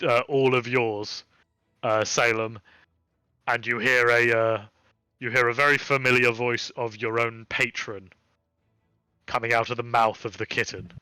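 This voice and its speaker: A man's voice: medium pitch, pushed and bright, clean tone, no room sound. A man narrating a tabletop game as game master, casual and full of fillers.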